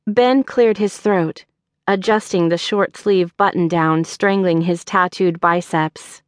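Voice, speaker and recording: Woman reading an audiobook, slow and even, mid pitch, very dry. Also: no room sound. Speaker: audiobook narrator. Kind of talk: scripted narration.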